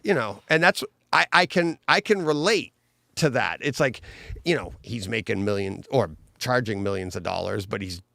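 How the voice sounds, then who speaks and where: A man with a low, gravelly voice tells an animated story in a casual podcast chat. He keeps switching into the voices of the people in his story. The sound is dry and close to the mic. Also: normal speed, dry recording. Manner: animated storyteller who acts out other people's lines.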